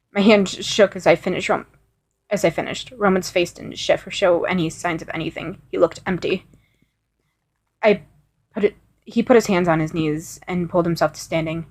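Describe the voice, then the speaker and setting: A woman with a slightly low voice reading a first-person fan fiction story aloud. Her delivery is earnest and unpolished, with small restarts now and then. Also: steady tone, moderate pace. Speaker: story reader.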